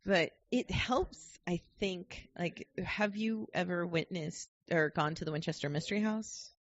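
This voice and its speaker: A woman's voice: on the low side, a little slow, no echo. A woman guest on a podcast, telling stories in a chatty, rambling way and joking as she goes. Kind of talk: casual storytelling chat. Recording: dull lo-fi festival recording.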